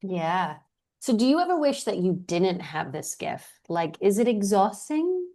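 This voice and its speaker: A woman hosting a casual podcast interview, asking relaxed questions. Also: mid-range voice, measured pace. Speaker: podcast host.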